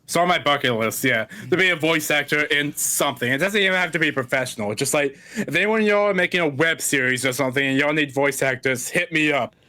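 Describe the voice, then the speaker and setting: A man's voice: a little high, fast talker, bright, forceful tone, no room sound. A man co-hosting a comedy podcast, chatting casually and playfully with restarts. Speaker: podcast co-host.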